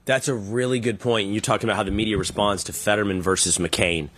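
A man hosting an interview, laying out his argument slowly with analogies and asking his guest to respond. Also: lowish voice, fairly even intonation, fairly bright tone, breathy edge. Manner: thoughtful, builds arguments with analogies. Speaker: podcast host. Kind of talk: conversational interview.

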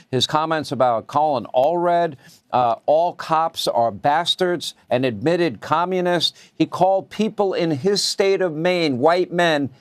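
A man hosting a cable news show, introducing a guest in a brisk, sarcastic manner and rattling off lists. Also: fairly high pitch, no echo. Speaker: TV news host. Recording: dry studio mic with faint music.

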